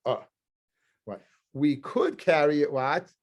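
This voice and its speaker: A man's voice: a little high, expressive, takes it slowly. A man, a rabbi, teaching a live Talmud class to students, explaining emphatically, repeating himself and quizzing the room.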